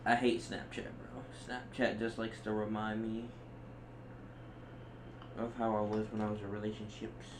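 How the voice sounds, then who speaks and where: A man's voice: on the low side, monotone, normal speed, pauses often. A young man hosting a livestream, chatting casually on a call in slangy, teasing talk. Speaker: livestream host. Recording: clear background noise.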